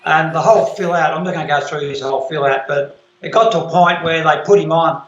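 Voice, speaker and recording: A man's voice: fairly high pitch, fairly even intonation, fast talker. A man coaching in a casual call, encouraging and telling jokes and anecdotes. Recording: roomy, dull lo-fi call audio.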